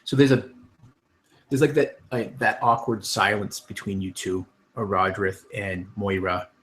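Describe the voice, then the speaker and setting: A man's voice: fairly low pitch, steady tone, a little slow, fairly bright tone. A man narrating scenes as game master of a tabletop game, with many ums and restarts.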